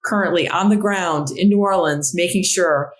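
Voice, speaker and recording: A woman's voice: lowish voice, normal speed, poor audio. A woman in her forties who works as a marketing executive, speaking enthusiastically as a podcast guest with some restarts. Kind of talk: casual interview.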